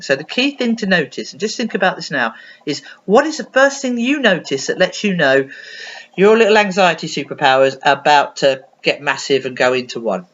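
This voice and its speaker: A woman's voice: low voice, lo-fi sound. A woman speaking as an anxiety coach, giving an earnest, explanatory tutorial with frequent ums and restarts, recorded on a computer webcam. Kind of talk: casual spoken tutorial.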